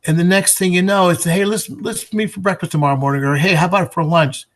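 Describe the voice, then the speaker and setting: A man's voice: sits high, steady tone, fast talker. A man being interviewed as a pinball expo organizer, talking eagerly and promotionally in casual chat, often restarting his sentences. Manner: enthusiastic, promotional, frequent restarts.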